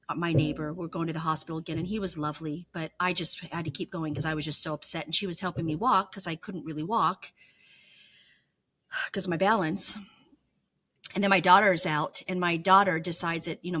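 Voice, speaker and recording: A woman's voice: medium pitch, a bit bright. A middle-aged woman telling an earnest, emotional personal story in a vlog. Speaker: vlogger.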